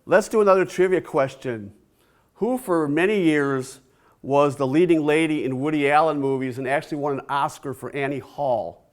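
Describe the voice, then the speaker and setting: A man's voice: on the high side, moderate pace. A man presenting a casual, rambling talk to a library audience, chatty with restarts and small laughs.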